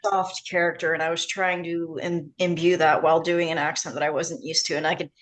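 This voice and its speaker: A woman's voice: low voice, little pitch movement, fairly quick, rough recording. A woman actor chatting animatedly over a video call after a play reading, self-deprecating and talkative. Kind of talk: casual video-call chat.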